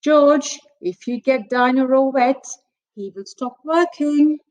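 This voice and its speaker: Mummy Pig, as a woman reads her: a bright, kind mother pig. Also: sits high, slow pace, voice pushed up. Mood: reassuring. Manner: bright, reassuring.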